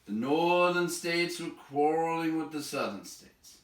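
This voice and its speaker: A man's voice: fairly high pitch, animated, measured pace, far from the mic. A man with a Boston accent, a teacher, reading a textbook chapter aloud and dropping in wry, sardonic asides. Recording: echoey room, voice off-mic.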